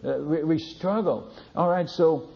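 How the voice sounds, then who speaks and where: A man, a missionary, tells a lively testimony story, laughing and repeating words as he goes. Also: fairly high pitch, a little slow, creaky, big-room sound. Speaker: missionary speaker. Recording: dull lo-fi recording.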